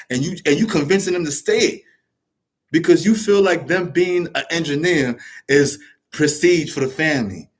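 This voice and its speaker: A man's voice: fairly high pitch, a little fast. A man talking straight to camera in a passionate, rambling way, swearing often and restarting his sentences. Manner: restarts and repeats words. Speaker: show host. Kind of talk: casual monologue to camera.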